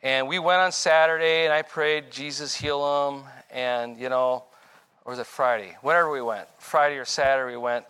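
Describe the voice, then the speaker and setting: A man's voice: medium pitch, brisk, sharp tone, clean tone. An older man giving a rambling, informal testimony sermon, correcting himself as he goes and chuckling between points. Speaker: preacher.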